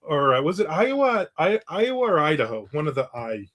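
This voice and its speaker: A man in his fifties rambles casually through viewer comments on his livestream. He is sarcastic and laughs often, and his voice sits a little higher than most men's. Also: very animated, fairly quick, a bit bright. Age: 50s. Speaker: livestream host.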